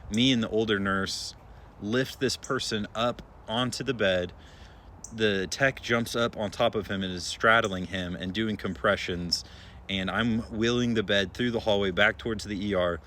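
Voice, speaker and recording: A young man who works as an emergency room nurse tells a story in a relaxed, chatty way, with many filler words. His voice sits a little low. A faint hum is heard behind him. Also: moderate pace. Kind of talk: casual storytelling to followers.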